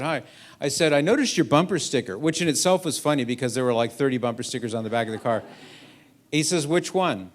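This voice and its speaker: A middle-aged man giving a storytelling talk to a school audience, acting out the quoted voices in his anecdotes. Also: mid-range voice. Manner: animated anecdote-telling, acts out quoted voices. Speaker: guest speaker. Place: school event hall.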